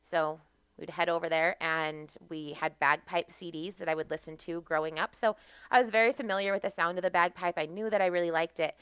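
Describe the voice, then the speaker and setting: A young American woman chatting as a podcast guest, her voice bright and lively in tone and slightly low in pitch. She tells her stories in a relaxed, talkative way with frequent laughter, recorded dry and close. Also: fairly quick, clean tone, no echo. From United States. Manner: chatty storyteller, laughs often. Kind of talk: casual podcast conversation.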